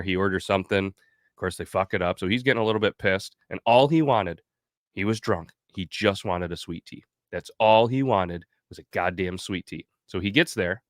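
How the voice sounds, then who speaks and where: A man's voice: on the low side, no room sound, studio quality. A man hosting a casual podcast, telling a long, rambling, profane anecdote. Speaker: podcast host.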